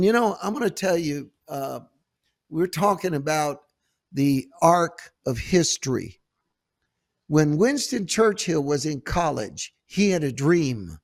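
A man hosting a Christian talk show, telling stories in a fervent, preacherly way with halting restarts, on a close mic. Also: a little high, animated, gravelly, no echo. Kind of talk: preacherly storytelling and interview.

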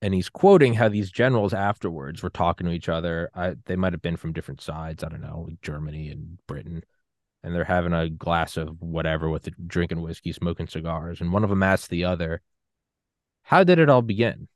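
Low-voiced man in his thirties. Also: brisk, no echo, studio quality. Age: 30s. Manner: animated, acts out quotes. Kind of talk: casual conversation.

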